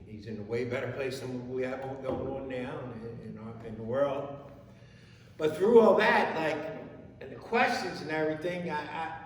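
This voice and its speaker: A man's voice: mid-range voice, a little hiss or hum. Plain-spoken middle-aged man, echoey hall. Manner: plain-spoken, halting, repeats words and restarts. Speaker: Gold Star father and foundation founder. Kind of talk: emotional personal testimony to an audience. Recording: echoey hall from far off, faint ambience.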